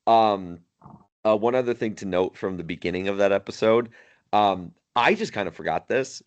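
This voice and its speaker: A man's voice: on the low side, normal speed, highs cut off. A man co-hosting a podcast in casual chat, laughing often as he retells funny moments and rambling through his points. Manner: rambling, many fillers and restarts. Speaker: podcast co-host.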